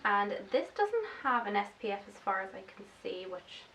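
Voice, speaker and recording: A woman's voice: mid-range voice, sing-song, moderate pace, pushed and bright, recorded from a distance, slight background noise, low-quality recording. A woman talking through her skincare routine in a chatty, casual tutorial, explaining each step with fillers like "like" and "um". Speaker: makeup vlogger. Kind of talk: casual get-ready-with-me tutorial.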